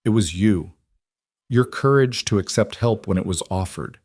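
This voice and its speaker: A man reading the lines of a weathered, loving mountain man in a storybook tale, speaking softly. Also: lowish voice, moderate pace, breathy edge, dry recording, studio quality. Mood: tender. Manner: soft-spoken.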